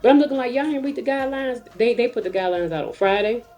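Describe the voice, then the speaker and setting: A woman, a mother, telling a comic story in a casual rant, animated and acting out other people's voices. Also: a little high, fast talker, faint music behind.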